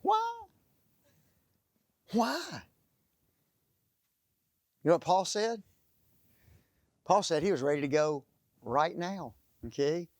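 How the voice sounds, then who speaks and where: A man preaching a sermon, telling stories and pausing to let the audience fill in the blanks. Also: a little high, no room sound, clean studio sound. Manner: animated storytelling.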